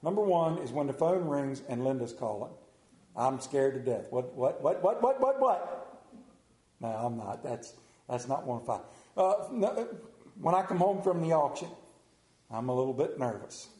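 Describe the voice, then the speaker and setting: A man preaching a folksy storytelling sermon, animated, then dropping low and slow for emphasis. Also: reverberant.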